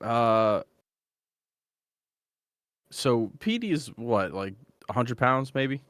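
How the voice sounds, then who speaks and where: A man playing a tabletop game, asking questions slowly and hesitantly. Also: medium pitch, lively intonation, fairly bright tone, clean tone, no room sound, studio quality. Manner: slow, hesitant. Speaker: player.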